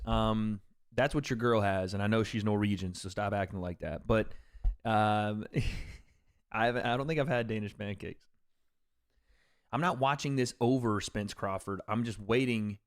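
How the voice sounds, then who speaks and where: A man hosting a casual livestream, reacting to fights and joking with chat in a rambling way. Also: lowish voice. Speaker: livestream host reading chat. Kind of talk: casual live commentary on fights.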